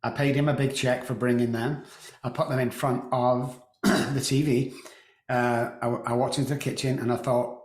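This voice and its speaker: Man, middle-aged, halting, clears throat, mid pitch, echoey room. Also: level tone. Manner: halting, repeats words, clears throat often. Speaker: guest. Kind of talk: emotional personal storytelling.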